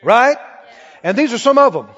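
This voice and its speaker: A man pastor preaching a sermon emphatically, rising to shouts and dropping to quick asides. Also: very high voice, big pitch swings. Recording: dull sound with long church reverb.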